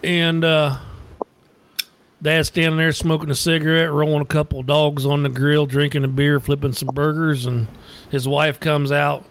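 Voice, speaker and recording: Man, bawdy joke teller, casual podcast chat, somewhat high voice. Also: flat delivery, moderate pace. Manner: crude storytelling with laughs. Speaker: podcast co-host.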